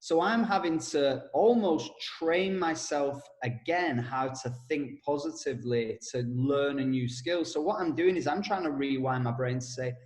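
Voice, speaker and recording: A man's voice: on the high side, darkish tone. Chatty man in a roomy echo. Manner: chatty storyteller, laughs often, quick asides. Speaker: co-host, personal development coach. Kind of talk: casual podcast chat.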